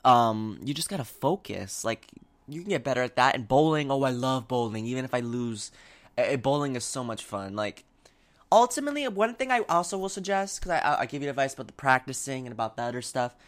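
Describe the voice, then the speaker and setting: A man's voice: mid-range voice, a little fast. Rambling young man giving casual advice. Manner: rambling and animated, with many fillers and restarts.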